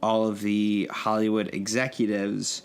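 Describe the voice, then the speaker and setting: Rambling man in a casual chat, voice on the low side. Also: little pitch movement, a little slow, smooth. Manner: rambling and good-humored, chuckling between thoughts. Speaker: podcast co-host. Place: indoors in Yonkers, New York.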